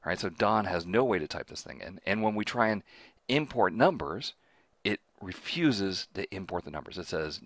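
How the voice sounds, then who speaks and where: A man's voice: low-pitched, lively intonation, normal speed, no echo, studio quality. A man hosting a spreadsheet tutorial, chatty, often checking in with "right?" and voicing mild exasperation. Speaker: host.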